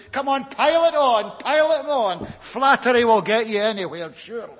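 A man's voice: very high voice, normal speed, few pauses, fairly bright tone. A man preaching a sermon, telling the story dramatically and firing rhetorical questions at his listeners. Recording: echoey hall, dull lo-fi recording.

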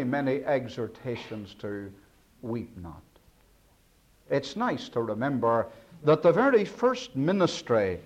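Dynamic male preacher, lo-fi recording. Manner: rising to emphatic peaks, then dropping to hushed low endings. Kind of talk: sermon. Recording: dull lo-fi sermon recording.

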